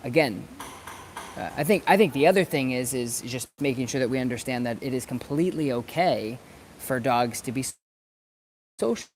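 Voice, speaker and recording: A man with a medium-pitched, animated voice speaks at a normal pace in this casual instructional talk to camera. He's a dog trainer standing outdoors by planters, conversational and repeating words while he works through his thoughts, against slight background noise.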